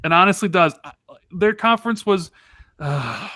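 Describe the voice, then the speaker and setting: A man co-hosting a casual gaming podcast, talking in an animated, exasperated, ranting way. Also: high voice, moderate pace, no room sound. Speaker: podcast co-host.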